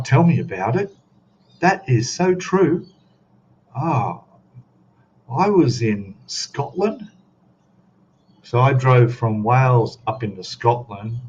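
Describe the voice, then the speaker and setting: A man with an Australian accent hosting a casual live stream, rambling easily and reading out chat messages as he goes. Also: on the low side. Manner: rambling, easygoing, reads chat aloud. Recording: dull lo-fi stream audio, faint noise.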